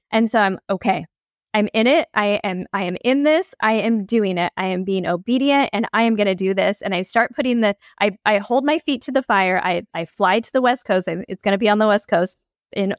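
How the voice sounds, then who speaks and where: A woman's voice: mid-range voice, dry recording, clean studio sound. A woman coach and podcast guest telling stories with energy, acting out her own inner dialogue. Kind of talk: energetic storytelling in an interview.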